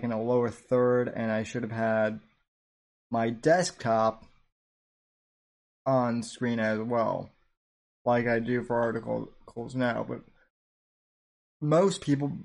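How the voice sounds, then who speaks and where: A man's voice: mid-range voice, a little mellow. A man hosting a podcast, casually looking back on his old shows with rambling, self-deprecating asides and frequent restarts. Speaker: podcast host. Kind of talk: casual reflective commentary.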